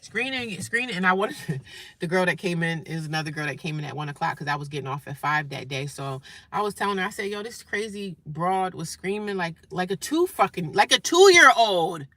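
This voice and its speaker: A woman's voice: lowish voice, brisk, a bit bright, dry recording. A woman from New Jersey telling a blunt, profane story about a rude customer, laughing often and mimicking callers in exaggerated voices. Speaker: vlogger. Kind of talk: casual storytelling rant.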